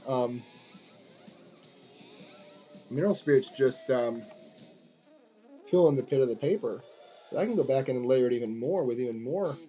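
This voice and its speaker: A man with a soft, mellow tone talks casually as he works on a drawing. He rambles, circling back with fillers and restarts. Faint guitar music plays quietly behind him. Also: medium pitch, lo-fi sound. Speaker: artist live-streaming a drawing session. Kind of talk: casual chat while drawing.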